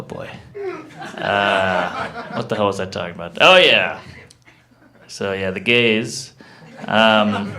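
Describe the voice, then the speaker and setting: In a live club, a man with a lowish voice performs stand-up, firing off deadpan one-liners and tossing quick asides to the audience.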